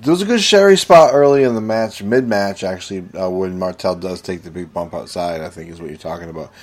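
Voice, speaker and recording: A man's voice: low-pitched, brisk. A man co-hosting a casual wrestling podcast, speaking hesitantly with restarts and trailing thoughts. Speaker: podcast co-host.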